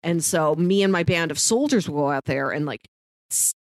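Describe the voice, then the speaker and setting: A woman chats casually on a book-club podcast, recounting the plot with animated enthusiasm. Her voice sits low and sounds dry and close. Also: fairly quick, no echo. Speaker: podcast co-host.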